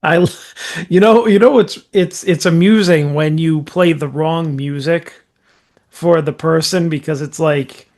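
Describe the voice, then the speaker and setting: Slow, amused co-host man. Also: fairly high pitch, a little mellow. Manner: amused, halting, with repeated words. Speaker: podcast co-host. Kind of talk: casual podcast chat.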